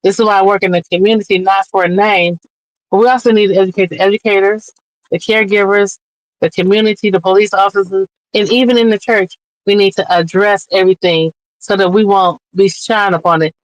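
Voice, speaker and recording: A woman's voice: medium pitch, fairly even intonation, fairly quick, no room sound, poor audio. Woman, passionate advocate guest, earnest, dry close voice, streamed interview. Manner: earnest, impassioned, tearful at times. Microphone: remote streaming mic.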